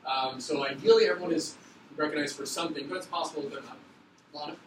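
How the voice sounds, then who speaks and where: A man teaching a middle school class, explaining an activity in a loose, quick, joking way. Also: a little high. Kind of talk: classroom instruction. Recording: echoey classroom, far from mic, background noise.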